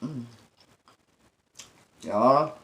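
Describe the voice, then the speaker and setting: A woman hosting an eating show talks to her viewers in short, unhurried bits between mouthfuls, with plenty of contented hums. Her pitch swings widely, from low murmurs up to high exclamations. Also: animated. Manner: chews loudly between short remarks and hums of enjoyment; addresses viewers directly and teasingly. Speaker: mukbang host.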